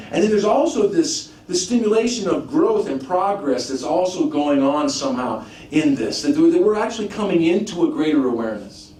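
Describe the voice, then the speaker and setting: Preacher man in an echoey hall. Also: sits high. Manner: animated, rhetorical questions, frequent restarts. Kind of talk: sermon teaching. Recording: echoey room, mic at a distance, faint background noise.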